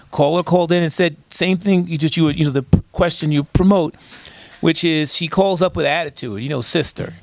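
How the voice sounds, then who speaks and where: A man's voice: on the high side, no echo. A man speaking as a guest in an interview, telling stories emphatically and asking rhetorical questions. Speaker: guest, disaster preparedness expert. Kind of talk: conversational interview.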